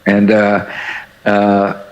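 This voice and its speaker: Folksy older man, halting with fillers. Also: fairly low pitch, completely flat delivery, dull audio. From United States. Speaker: former head of state, interview guest. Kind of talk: anecdotal interview answers.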